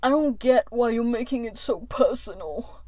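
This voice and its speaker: A woman's voice: on the high side, moderate pace, mellow, no room sound, clean studio sound, close to an everyday voice. A woman mimicking a whiny young troll. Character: petty combative young man, online troll.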